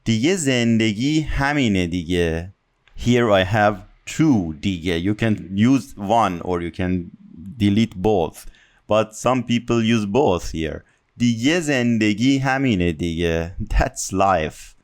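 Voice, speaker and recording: A male Persian teacher with a fairly low, animated voice walks through example sentences in a language lesson. He reads the Persian quickly, then explains slowly in English.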